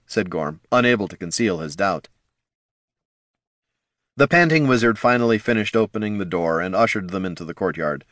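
A man narrating a fantasy story in a steady, expressive audiobook style. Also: low voice, normal speed, no echo, clean studio sound.

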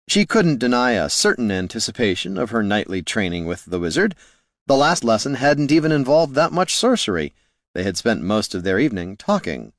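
A man reading fantasy fiction aloud as an audiobook narrator, in a measured storytelling manner. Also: sits low, dry recording, studio quality.

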